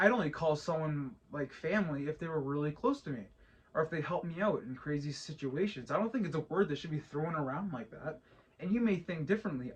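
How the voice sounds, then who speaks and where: A man in his thirties co-hosts a laid-back podcast, rambling with many restarts and repeated words. His voice is slightly high and husky.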